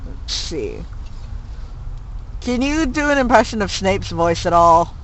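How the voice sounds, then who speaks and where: A host reading a fanfic aloud with comic commentary, animated and switching between narration and character voices. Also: medium pitch, slow pace, a little hiss or hum, rough recording. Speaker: reader and host.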